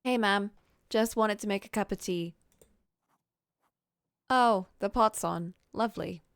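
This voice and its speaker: A woman's voice: medium pitch, slow, gravelly, clean tone, no echo, studio quality. A woman reading the lines of a tired, stubborn young woman arguing with her mother. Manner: tired, defensive replies. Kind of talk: reading game dialogue aloud.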